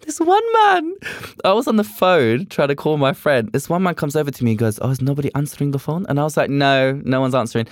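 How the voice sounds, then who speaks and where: Young guy telling stories on a podcast, animated, does all the voices, dry sound. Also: fairly high pitch, quick pace, no echo. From England. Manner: animated, acts out quoted dialogue. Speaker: podcast guest, drag performer. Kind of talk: casual storytelling chat.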